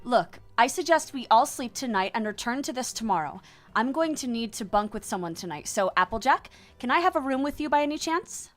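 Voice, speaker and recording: A man's voice: extremely high pitch, expressive, fairly quick, fairly bright tone, soft background music, voice pushed up. A man reading aloud and voicing an earnest, easily flustered young female pony.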